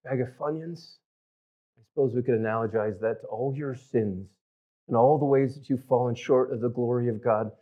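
Male preacher, mid-pitched, storytelling sermon with big loud-to-hushed swings. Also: fairly even intonation, brisk, muffled recording. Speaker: pastor.

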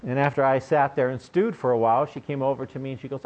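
A man's voice: medium pitch, fairly even intonation, fast talker, darkish tone. An older man preaching a sermon in a conversational, joking way, often asking his listeners questions. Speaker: pastor. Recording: dull lo-fi recording.

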